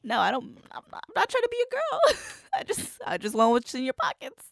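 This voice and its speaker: A woman's voice: high-pitched, fairly quick, vocal fry, no echo, studio quality. A woman co-hosting a casual podcast, talking bluntly with lots of swearing. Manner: blunt, profane, animated storytelling. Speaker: podcast co-host. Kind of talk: casual chat.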